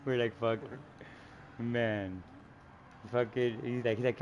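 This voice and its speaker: A man's voice: medium pitch, takes it slowly, highs cut off, a little hiss or hum. A man streaming a racing game live, telling stories in casual, profane banter full of laughter. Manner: profane, laughing, animated storytelling.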